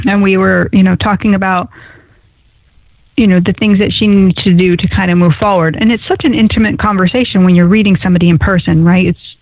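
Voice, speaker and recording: A woman's voice: medium pitch, no room sound. Woman radio host, chatty storyteller, dry tinny sound. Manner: chatty storyteller, laughs often, animated asides. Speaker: radio show host and psychic medium. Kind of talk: casual radio call-in chat. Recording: tinny phone-like radio audio.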